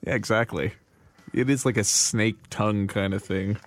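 A man's voice: on the low side, fairly even intonation, moderate pace, dry recording. Wry male radio co-host. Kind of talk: casual talk radio banter.

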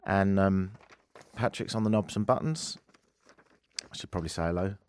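A low-voiced talk radio host, speaking at a moderate pace live from the studio, tells a funny story full of jokes at his own expense. He swings back and forth between loud and hushed delivery.

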